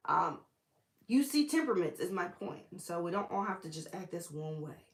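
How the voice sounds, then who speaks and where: A woman's voice: on the low side, expressive, moderate pace, reverberant. A woman preacher, teaching the Bible in a casual, chatty way with sassy asides.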